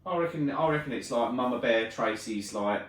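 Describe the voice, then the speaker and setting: A man's voice: mid-range voice, normal speed, recorded from a distance. A man co-hosting a live podcast, chatting casually and reading out news with joking asides. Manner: reads news aloud in a flat drawl, joking asides. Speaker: podcast co-host. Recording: echoey room, off-mic.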